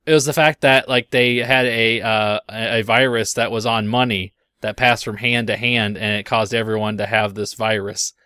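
A man's voice: fairly low pitch, steady tone, normal speed, hardly any pauses, sharp tone, smooth, dry recording, clean studio sound. A young man co-hosting a podcast in casual chat, telling stories animatedly, laughing often, and swearing casually. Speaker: podcast co-host.

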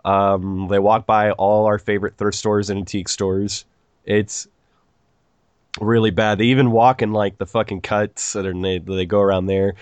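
A man's voice: lowish voice, steady tone, a little slow, clean tone, no room sound. A man hosting a podcast, chatting casually, rambling and swearing freely with lots of "like". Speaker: podcast host.

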